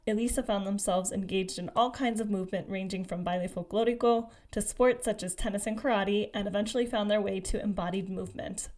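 A woman's voice: medium pitch, a little mellow. Podcast host, woman, upbeat and enthusiastic, loose filler-heavy interview style. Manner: upbeat, gushing, many fillers.

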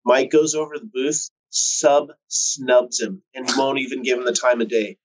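On a rough recording, a man with a mid-range voice talks at a normal pace as a cannabis breeder guest. His chat is relaxed and full of swearing, long stories and fillers like "um" and "like," and he mimics people's voices when quoting them.

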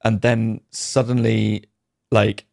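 A man's voice: on the low side, level tone, slow, creaky, darkish tone, no echo, studio quality. A man co-hosting a casual podcast chat, talking in a rambling, enthusiastic way about games with frequent ums. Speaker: podcast co-host.

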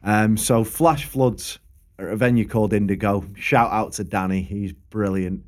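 A young man telling stories from his gigs in a casual podcast chat. He is animated and sweary, and he acts out the hecklers and bar staff he quotes. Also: fairly low pitch, measured pace. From England. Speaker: podcast co-host and gigging musician.

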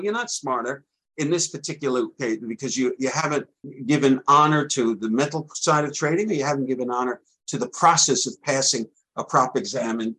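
A middle-aged man, a trading coach, giving a rambling sales pitch for his course and often stammering and restarting. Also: fairly bright tone, husky, low-quality recording.

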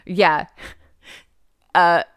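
A woman's voice: lowish voice, steady tone, very slow, fairly bright tone, clear, resonant tone, no echo, studio quality. A woman co-hosting a podcast in casual chat, retelling scenes animatedly and acting out the characters' lines. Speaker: podcast co-host.

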